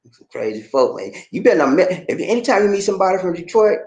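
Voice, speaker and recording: Emphatic middle-aged man, lively lecturing monologue. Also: high-pitched, fast talker. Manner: emphatic, repetitive, keeps addressing listener as man. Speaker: online commentator. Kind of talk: casual preachy monologue. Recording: roomy echo.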